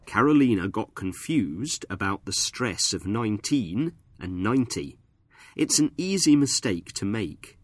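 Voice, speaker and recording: A man presenting an English-learning podcast, friendly and clear as he explains language points in scripted narration. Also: on the low side, big pitch swings, unhurried, no room sound.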